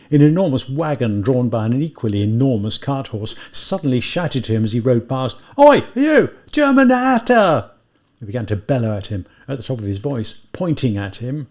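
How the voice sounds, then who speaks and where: A man reading a classic novel aloud as an audiobook, in measured, deliberate narration. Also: mid-range voice, darkish tone. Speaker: audiobook reader. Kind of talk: scripted narration.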